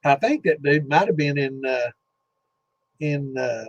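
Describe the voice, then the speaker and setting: A man's voice: on the high side, a little slow, no echo. A man hosting a distilling Q&A chat, telling a rambling story full of cursing and fillers, with a slightly dull lo-fi sound. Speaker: host of a distilling Q&A livestream.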